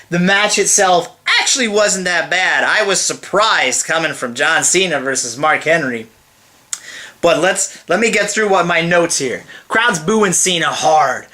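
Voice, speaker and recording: A man's voice: fairly high pitch, pushed and bright. A man giving a heated, profane review, exasperated and swearing constantly as he rants. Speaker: wrestling event reviewer.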